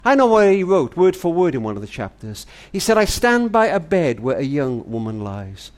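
A man's voice: on the high side, sing-song, moderate pace, a little mellow. An older man giving a tender, earnest, grandfatherly monologue, speaking as if to his granddaughter. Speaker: family charity speaker. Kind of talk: heartfelt spoken monologue to a granddaughter.

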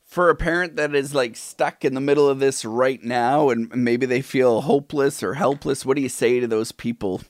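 A man's voice: mid-range voice, steady tone, normal speed, hardly any pauses. A man hosting an interview, asking a guest thoughtful, open questions about parenting and adding his own reflections. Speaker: interview host. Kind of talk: conversational interview.

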